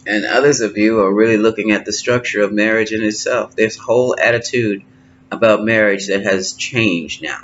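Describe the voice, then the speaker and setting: A man doing a tarot card reading, musing and thinking aloud with pauses, recorded at home. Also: lowish voice, steady tone, a bit bright. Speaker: tarot reader. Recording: slightly dull lo-fi sound with faint noise.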